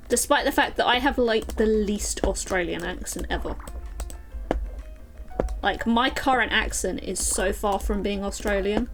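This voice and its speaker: A young woman from London with a softened London accent, chatting casually to her live chat while playing a puzzle game. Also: mid-range voice, a little slow, faint music behind, rough recording. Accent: London English, softened. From London, England. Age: young adult. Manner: chatty, rambling, talks to chat by name. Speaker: streamer.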